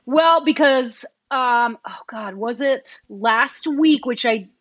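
A woman's voice: on the high side, takes it slowly, dry recording, muffled recording. A woman guest chatting casually on a podcast, often trailing off mid-thought. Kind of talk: casual chat.

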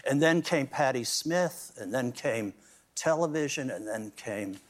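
A man's voice: mid-range voice, expressive, unhurried. Older male drummer, talk-show guest, rambling storyteller. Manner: rambling anecdotes with many restarts and laughs.

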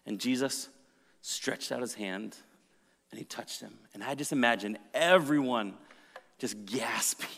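A man's voice: medium pitch, measured pace, gravelly. Man preaching in a reverberant hall. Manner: dramatic, swings from loud to hushed. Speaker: pastor. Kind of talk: sermon.

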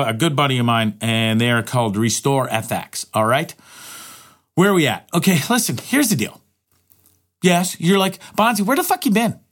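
A man's voice: mid-range voice, a bit bright. A man hosting his own podcast in a rambling, profane solo monologue, often restarting his sentences. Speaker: podcast host.

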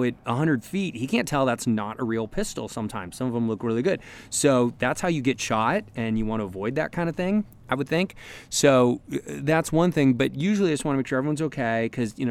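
A man from the United States talks in a loose, rambling podcast chat and keeps restarting his sentences. His voice is smooth and clear at a middle pitch. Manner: rambling, many restarts and fillers. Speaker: podcast guest, larper.

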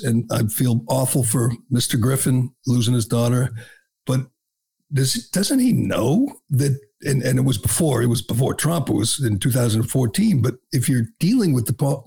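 A man's voice: mid-range voice, gravelly, darkish tone, husky. A male talk radio host delivering an indignant, rambling opinion monologue full of restarts.

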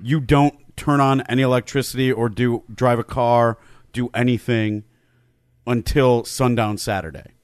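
A man's voice: mid-range voice, steady tone, normal speed, clear, resonant tone, no room sound, clean studio sound. A man co-hosting a casual comedy chat, throwing in sarcastic quips.

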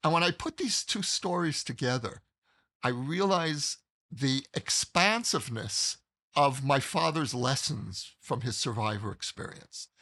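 A man telling a personal story in conversation, measured and earnest, pausing mid-thought. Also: mid-range voice, expressive, sharp tone.

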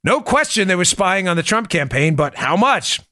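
This political podcast host has a New York accent and a high-pitched, sing-song voice with a sharp tone at normal speed. He's emphatic and punchy, repeats key points, and handles his own ad reads. The clean studio sound has no room echo.

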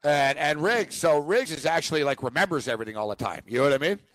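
A man's voice: a little high, lively intonation, fast, a bit bright, no room sound. Rambling talk-show man, dry close sound. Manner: rambling storyteller, acts out phone calls. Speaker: sports talk show co-host. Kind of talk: casual chat.

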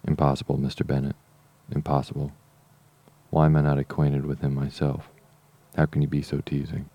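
Mrs. Bennet, a fretful mother, read by a deep-voiced man. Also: completely flat delivery, normal speed, highs cut off. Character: fretful, excitable middle-aged mother. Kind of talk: audiobook reading.

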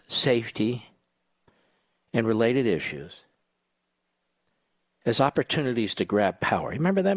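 A male talk radio host launches into a combative, sarcastic monologue, lurching between loud outbursts and quiet asides. The recording has no echo.

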